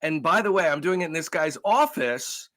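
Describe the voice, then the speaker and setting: A man co-hosting a podcast, telling a long story in a casual, animated way with lots of swearing. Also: fairly high pitch, moderate pace. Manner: animated, profane, acts out raised voices. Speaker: podcast co-host.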